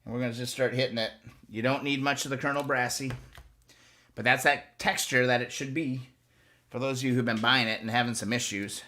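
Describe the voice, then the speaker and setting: A man's voice: medium pitch, fairly even intonation, a little fast, pushed and bright. A man hosting a live stream, chatting casually and coaching viewers step by step through a hands-on task. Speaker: host of a motorcycle restoration live stream.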